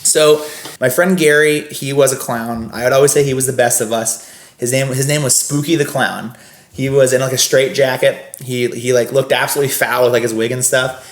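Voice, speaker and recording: A man's voice: mid-range voice, steady tone, brisk. A man, a podcast guest, telling a rambling story in casual chat, full of restarts and fillers. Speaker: podcast guest, former scare actor. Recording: roomy echo.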